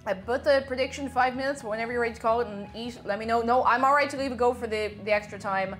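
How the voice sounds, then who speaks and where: A woman, chatting casually on a live stream and reading her chat aloud with animated exclamations. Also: a little high, fast, soft background music.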